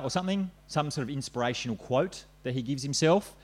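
A man's voice: mid-range voice, fairly quick. A man preaching a sermon, earnest and repetitive, reading scripture aloud to his congregation. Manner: earnest, repeats phrases, reads scripture aloud.

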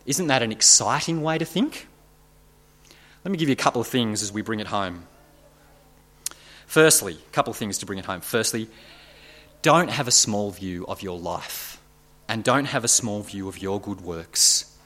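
A man's voice: fairly low pitch, lively intonation, moderate pace, pauses often, a bit bright. A man preaching a sermon to his congregation, earnest and building to emphatic, rising passages.

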